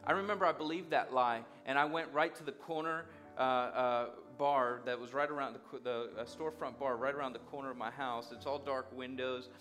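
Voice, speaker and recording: A man's voice: mid-range voice, fairly even intonation, fairly quick, hardly any pauses, fairly bright tone, soft background music. A man preaching a sermon, telling a personal story and acting out the dialogue. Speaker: guest speaker.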